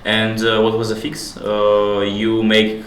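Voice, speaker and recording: Bright-voiced man with a Russian accent. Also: fairly low pitch, completely flat delivery, takes it slowly, slight background noise. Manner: hesitant, filler-heavy, asks questions. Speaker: stream host. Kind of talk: casual dev stream chat. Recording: echoey room.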